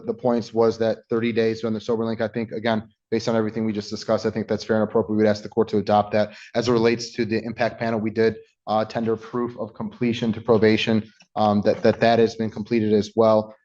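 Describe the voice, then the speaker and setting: A male defense attorney arguing formally to the court at a quick pace. His delivery is flat and even, with stumbling restarts, and the courtroom audio is dull. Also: lowish voice. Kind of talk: courtroom argument.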